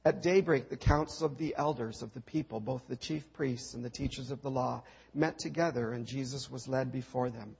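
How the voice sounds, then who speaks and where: Gravelly-voiced male preacher, dull recording. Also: mid-range voice, moderate pace, few pauses, darkish tone. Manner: dramatic retelling with rhetorical questions and repeated refrains. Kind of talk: sermon.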